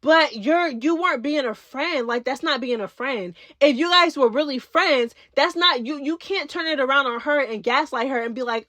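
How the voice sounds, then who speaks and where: Woman, young, high-pitched, sassy and slangy, dry close recording, casual recap commentary. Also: moderate pace, hardly any pauses, no room sound. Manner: sassy, animated, talks straight to viewers with slangy asides. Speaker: reality TV recap host.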